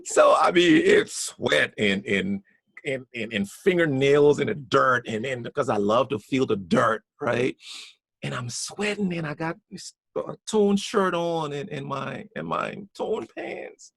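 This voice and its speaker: A man's voice: medium pitch, animated, measured pace, creaky, fairly bright tone, slightly rough, dry recording. A man chatting casually on a podcast, telling a personal story with lots of repeated words and restarts.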